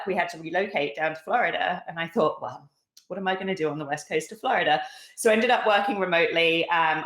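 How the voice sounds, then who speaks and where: This middle-aged Londoner has a lowish, slightly bright voice and a British accent. Appearing as a guest on a video call, she speaks articulately but with many fillers in casual interview talk, and the room is echoey.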